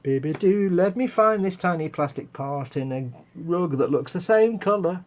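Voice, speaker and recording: A man's voice: sits high, lively intonation, moderate pace. A man from England hosting a live stream while building a model kit, chatting casually with dry, self-mocking jokes.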